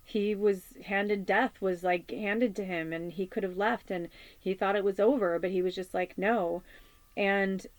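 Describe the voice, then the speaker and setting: A woman's voice: mid-range voice, fairly even intonation, unhurried, no echo. A woman in her forties, hosting a spiritual talk show, speaking in an earnest, rambling way with many fillers and restarts. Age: 40s. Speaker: spiritual medium hosting a channel. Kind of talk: casual spiritual chat.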